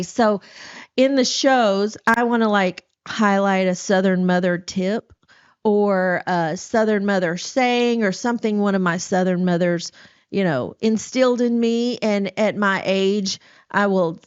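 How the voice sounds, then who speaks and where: A woman's voice: medium pitch, a little slow, clean tone, no room sound. A woman hosting a podcast in casual chat, telling rambling stories with frequent restarts. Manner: rambling, self-interrupting storyteller. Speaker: podcast host. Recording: dull, dry lo-fi recording.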